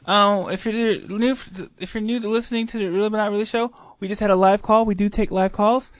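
High-voiced rambling radio co-host man. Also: steady tone, fairly quick, no room sound. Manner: rambling, giggly, self-deprecating. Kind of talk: casual radio chat. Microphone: distant from mic.

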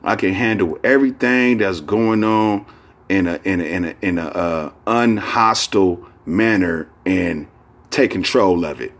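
A man's voice: deep voice, measured pace. A man hosting a casual solo podcast, talking in a rambling, profane way full of fillers and restarts. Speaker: podcast host.

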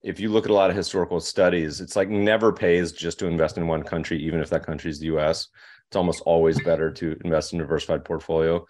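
Deep-voiced man talking shop, rambling. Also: level tone, fast talker, a little mellow. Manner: rambling, with many fillers and restarts. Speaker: podcast guest, investor. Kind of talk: casual podcast conversation.

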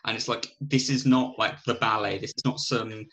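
A man co-hosting a podcast, retelling a film's plot in animated, rambling casual chat and laughing often. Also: fairly low pitch, normal speed. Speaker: podcast co-host. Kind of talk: casual film review chat.

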